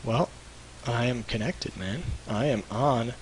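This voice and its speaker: A man's voice: mid-range voice, takes it slowly, a little hiss or hum, low-quality recording. A man from Canada hosting a casual live stream, loose and jokey, laughing often. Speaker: show host.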